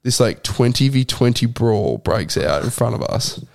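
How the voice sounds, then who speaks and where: A man co-hosts a casual podcast chat. He tells a long, rambling story packed with swearing and fillers. His voice sits at an ordinary middle pitch. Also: expressive, a little slow, vocal fry. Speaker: podcast co-host.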